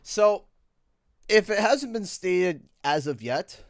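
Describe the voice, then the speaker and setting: A man's voice: high voice, expressive, takes it slowly. A man with a Canadian accent, casually commentating a live gaming stream and rambling to himself as he clicks through menus.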